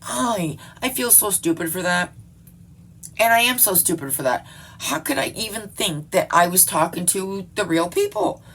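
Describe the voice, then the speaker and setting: A woman's voice: lowish voice, very animated, normal speed, fairly bright tone, slight background noise. A middle-aged woman talking to her viewers in a rambling late-night monologue, swearing and laughing often. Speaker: vlogger.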